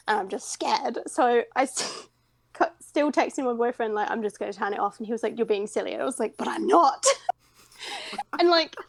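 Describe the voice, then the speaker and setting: A woman's voice: fairly high pitch, dry recording. A young British woman, a voice actress, chatting in an interview, rambling and self-deprecating with frequent laughter. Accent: British English. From United Kingdom. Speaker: voice actress guest. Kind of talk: casual interview chat.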